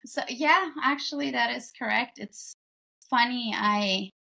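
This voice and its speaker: Gravelly, animated woman guest. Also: fairly high pitch, a little slow. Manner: animated storyteller acting out quoted exchanges. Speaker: podcast guest. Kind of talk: casual chat.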